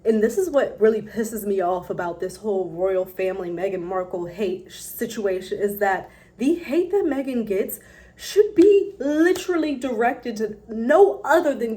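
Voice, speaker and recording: A woman giving casual, blunt celebrity gossip commentary, animated and full of profanity. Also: a little high, measured pace. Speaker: commentary vlogger.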